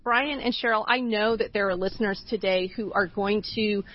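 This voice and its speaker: Female talk host, measured questions, muffled lo-fi sound. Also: mid-range voice, steady tone. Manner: measured interviewer asking follow-up questions. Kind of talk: radio interview. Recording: dull lo-fi audio.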